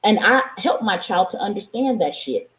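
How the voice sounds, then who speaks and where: A woman's voice: mid-range voice, animated, normal speed, a bit bright, roomy sound, poor audio. A woman life coach and mother talking straight to her viewers in an emphatic, preachy way. She repeats lines for stress and swears freely. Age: adult, parent of a young child. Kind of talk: motivational vlog monologue.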